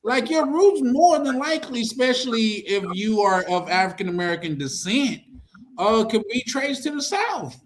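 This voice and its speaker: A man hosting a casual group talk, bantering in an animated, slangy way and often laughing. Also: extremely high pitch, moderate pace. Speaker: host.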